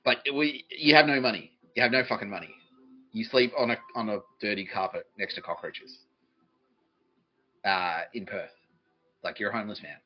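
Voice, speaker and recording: Husky man ranting, profane. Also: fairly low pitch, animated, brisk, long pauses. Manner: profane, ranting, mocking others in put-on voices. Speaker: podcast host. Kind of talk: rambling profane monologue. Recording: dull lo-fi recording.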